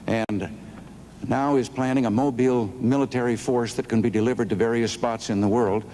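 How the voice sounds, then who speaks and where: A man giving a rebuttal in a formal debate, steady and conversational, going through points one by one, from an archival recording. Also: mid-range voice, slight background noise. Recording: archival debate audio with long hall reverb.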